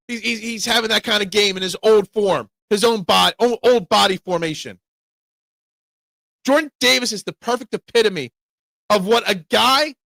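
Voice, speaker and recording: Gravelly, high-voiced sports show host. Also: male voice, no echo. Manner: opinionated, excitable fan banter. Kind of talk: live sports talk, reading chat.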